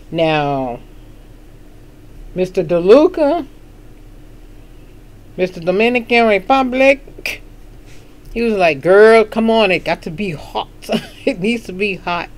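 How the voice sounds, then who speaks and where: A woman hosting a casual book chat, talking in a chatty, sassy way and laughing often. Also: lowish voice. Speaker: host of a book chat show.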